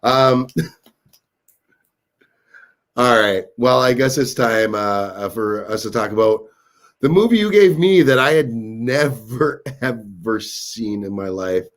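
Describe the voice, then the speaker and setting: A man's voice: mid-range voice, slow pace. A man co-hosting a casual movie review chat, joking and laughing often. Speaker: host.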